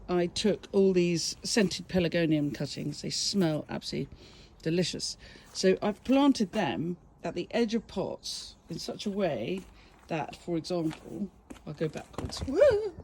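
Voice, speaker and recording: An English flower farmer with a fairly low, slightly mellow voice and a breathy edge chats casually outdoors by her back door. She gives a rambling, self-amused tour of her garden.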